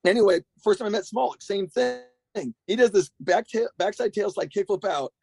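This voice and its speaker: A man, a guest skateboarder, telling a long story in a rambling, profane, animated way. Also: high-pitched, normal speed, creaky, breathy edge, faint music behind. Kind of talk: casual storytelling.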